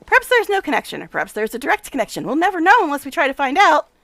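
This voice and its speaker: A woman's voice: sits high, sing-song, gravelly, bright, forceful tone, dry recording, heavily acted. A woman reading an eccentric science-obsessed scholar. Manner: brisk, lecturing, clinical. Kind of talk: reading game dialogue aloud.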